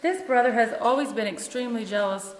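A woman's voice: fairly high pitch, fairly quick, background noise, close to an everyday voice. A woman voicing a solemn, grateful male priest on the phone in a story she reads. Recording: echoey room with long reverb.

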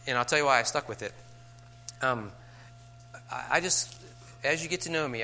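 A middle-aged male teacher speaking to a room of fellow educators, his voice bright and forward. He talks conversationally, tossing in rhetorical questions and little chuckles. A faint hum sits behind him. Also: medium pitch.

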